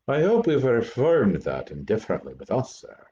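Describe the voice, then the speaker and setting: A man's voice: medium pitch, wildly swooping pitch, moderate pace, mellow. A man reading the brief, humble replies of a deferential male stage actor in a play. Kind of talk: amateur dramatic reading. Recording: dull lo-fi recording.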